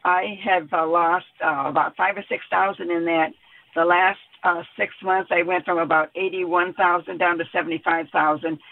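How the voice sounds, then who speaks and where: A woman in her eighties calling a radio advice show, speaking hesitantly with many pauses. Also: fairly low pitch, fairly even intonation. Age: 80s. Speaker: caller. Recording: tinny phone line.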